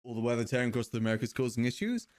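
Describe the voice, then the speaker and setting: A man's voice: medium pitch, animated, very fast, darkish tone. A man streaming live, chatting casually with his viewers and joking between tasks. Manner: chatty, joking asides to chat.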